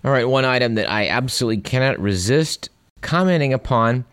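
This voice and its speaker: A man's voice: medium pitch, animated, a little fast, fairly bright tone, clean tone, no room sound, studio quality. A man hosting a radio show, chatting wryly and reading listener emails aloud. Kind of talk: casual radio commentary.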